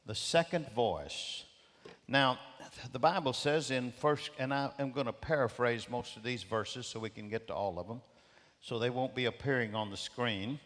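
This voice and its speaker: A man's voice: mid-range voice, normal speed, fairly bright tone. A man preaching a sermon as a guest speaker, emphatic and repeating key phrases for weight. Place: large church auditorium. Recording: long reverb of a large hall.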